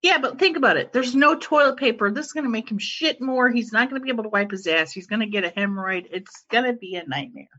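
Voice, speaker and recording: Brief: woman with a bright, somewhat high voice, deadpan sarcasm, muffled podcast recording. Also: fast talker, few pauses. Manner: dry joking, deadpan sarcasm. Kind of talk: casual chat.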